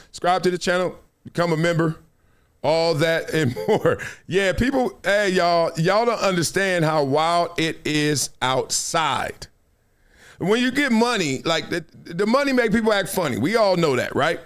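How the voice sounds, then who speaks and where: Male host, high and lively voice, acts out the people he quotes, slangy storytelling. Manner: slangy, repeats phrases for effect. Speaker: show host. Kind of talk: casual storytelling monologue.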